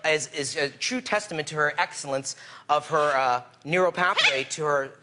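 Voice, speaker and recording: A man, an exotic bird expert appearing as a talk-show guest, talking in an excited, playful way and often calling out loudly to his birds and the crew. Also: fairly high pitch, normal speed. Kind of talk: lively talk-show demonstration. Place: TV studio with live audience. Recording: TV studio with loud audience and background noise.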